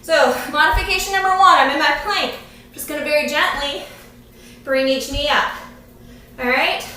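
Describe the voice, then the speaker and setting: A woman's voice: sits high, normal speed, pushed and bright, slight background noise. A woman fitness instructor coaching a workout live, encouraging and out of breath, filmed by a camera at a distance. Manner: encouraging, coaching while exercising. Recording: very echoey room, camera at a distance.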